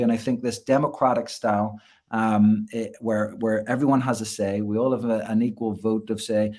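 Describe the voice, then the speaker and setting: A man's voice: lowish voice, steady tone, moderate pace, darkish tone. A man, a gymnastics coach, talking earnestly as a guest in a casual interview, often repeating words as he restarts.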